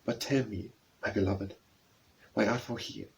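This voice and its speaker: A man voicing the gentle ghost of a dead mother, speaking softly and tenderly in a storybook poem. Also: fairly low pitch, fairly even intonation, unhurried, creaky, a little hiss or hum, low-quality recording. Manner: soft, hushed and tender.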